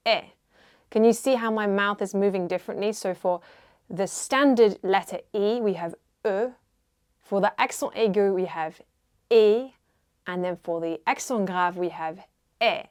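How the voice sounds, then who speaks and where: A woman gives a beginner French lesson, carefully modelling pronunciation and repeating words for her learners. Her voice is medium-pitched and a little mellow.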